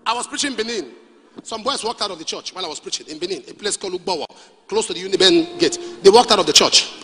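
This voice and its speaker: High, lively Nigerian preacher. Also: male voice, rapid-fire, in a large hall, faint music behind. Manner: animated, storytelling with pidgin asides. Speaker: pastor. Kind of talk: sermon.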